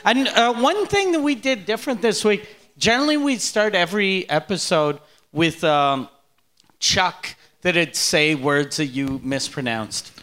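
A man's voice: high-pitched, expressive, unhurried, pushed and bright. A man co-hosting a podcast in casual chat, joking crudely and teasing his co-host.

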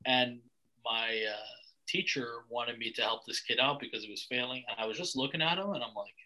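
A man's voice: medium pitch, brisk, bright, forceful tone, poor audio. A young man from Canada hosting a casual podcast chat, blunt and rambling, swearing freely with lots of restarts. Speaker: podcast host.

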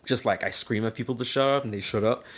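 A young man in a casual chat, telling an animated, slangy story and acting out the lines of people in it. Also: medium pitch, fast.

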